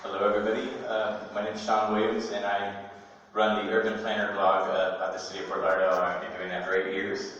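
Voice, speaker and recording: A man's voice: fairly low pitch, flat delivery, background noise. A man giving an earnest, heartfelt public comment at a meeting, speaking with a few stumbles. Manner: earnest, heartfelt, slightly halting. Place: large echoey meeting hall. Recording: distant, muffled, echoey hall.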